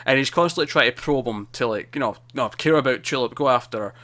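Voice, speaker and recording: A man chatting casually as co-host of a TV review show, with a voice sitting at an ordinary middle pitch. He rambles, repeats his words and restarts sentences while working through his thoughts. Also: fast talker, pushed and bright. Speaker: podcast co-host.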